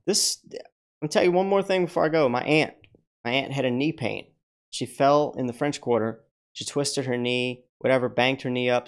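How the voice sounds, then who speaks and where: A man in a middle pitch hosts a casual livestream. He rambles through personal stories with frequent restarts and the odd curse. He slips into other people's voices as he tells them. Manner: animated, acts out the voices of people in his stories. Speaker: livestream host.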